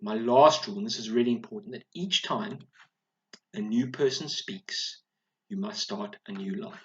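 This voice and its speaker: A man teaching a recorded video lesson to young schoolchildren, speaking clearly and encouragingly, often checking in with "all right?". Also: fairly low pitch, moderate pace, highs cut off, slight background noise.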